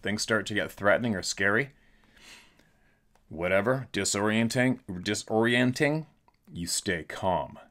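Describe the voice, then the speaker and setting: A man's voice: fairly low pitch, lively intonation, measured pace, pauses often, sharp tone. A middle-aged man hosting a podcast, telling a story in a blunt, emphatic, repetitive way. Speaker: podcast host. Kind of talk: casual storytelling monologue.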